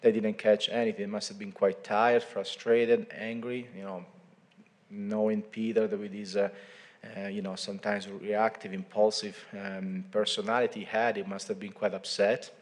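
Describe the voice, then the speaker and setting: A priest giving a homily, retelling scripture in an informal, storytelling way. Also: male voice, fairly low pitch, level tone, moderate pace. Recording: long reverb of a large church.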